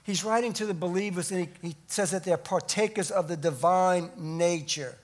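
At a moderate pace, a middle-aged man delivers a sermon as pastor, his voice rising to forceful high points and then falling soft and low.

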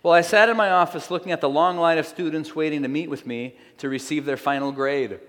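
A man giving a sermon, telling a story aloud in an earnest, slow, emphatic way. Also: a little high, fairly even intonation, a bit bright. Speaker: preacher. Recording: long hall reverb.

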